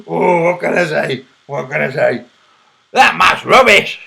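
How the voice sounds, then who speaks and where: A man's voice: very high voice, lively intonation, slow, fairly bright tone, pitched above the performer's own voice, full character voice. A man putting on a mocking impression of an exasperated male skeptic, whiny and incredulous.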